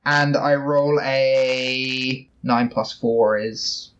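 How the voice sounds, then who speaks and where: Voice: mid-range voice, steady tone, drawn-out words, highs cut off. A tabletop game player narrating their own character's actions, dry and blunt.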